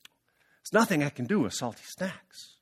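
A man's voice: on the high side, very animated, measured pace, fairly bright tone, breathy edge, full character voice. A man voicing a subdued, apologetic male manager who makes excuses. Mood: resigned. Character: meek male manager, resigned and defensive.

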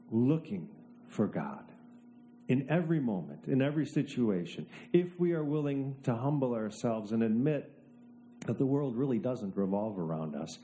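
Dark-voiced preacher with dry humor. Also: male voice, medium pitch. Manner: storytelling with dry self-mocking humor. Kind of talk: humorous sermon.

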